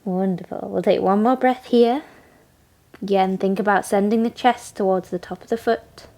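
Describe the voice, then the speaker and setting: A woman leading a morning yoga class, giving calm step-by-step cues and frequent praise. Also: mid-range voice, normal speed. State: has the hiccups. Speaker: yoga instructor. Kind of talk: guided yoga class instruction.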